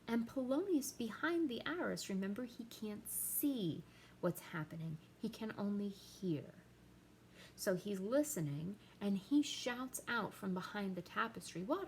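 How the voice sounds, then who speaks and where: A woman teacher explaining a play to her class, reading the quoted lines aloud with lively emphasis. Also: on the low side, normal speed, creaky, slight background noise, low-quality recording.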